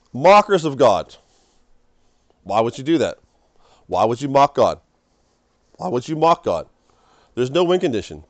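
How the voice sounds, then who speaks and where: A man streams a loose, excitable talk about faith, circling back on himself and laughing between points. His voice sits at an ordinary middle pitch. The sound is dry and close, with no room echo. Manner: rambling, excitable, laughs often. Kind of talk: casual preaching monologue.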